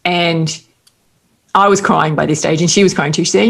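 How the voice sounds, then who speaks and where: A middle-aged Australian woman telling personal stories candidly in casual conversation, with quick asides. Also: lowish voice, fairly even intonation, creaky. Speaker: guest.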